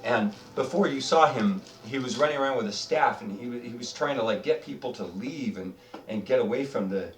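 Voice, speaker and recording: A man's voice: mid-range voice, a little fast, far from the mic. A man narrating a tabletop game as dungeon master, rambling with lots of fillers. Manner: rambling, filler-heavy, chuckling. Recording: roomy, off-mic, faint music behind.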